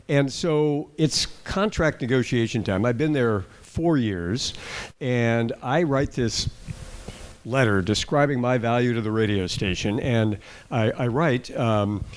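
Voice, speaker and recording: A man in his sixties, a retired news anchor, gives a casual speech at an indoor party. He holds the microphone and tells humorous stories, breaking off for asides and self-corrections. His voice sits at an ordinary middle pitch for a man. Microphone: handheld microphone.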